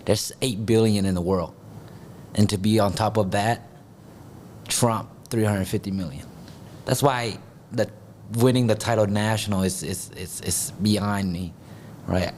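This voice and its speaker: A man talking in a podcast conversation, halting and searching for words as he goes. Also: on the low side, steady tone, darkish tone, slight background noise. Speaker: podcast guest and grappling competitor.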